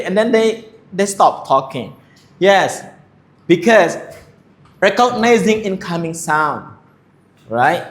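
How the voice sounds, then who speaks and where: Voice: mid-range voice, expressive, unhurried. A lecturer leads a class discussion, asking questions and encouraging answers in broken English. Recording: roomy classroom echo.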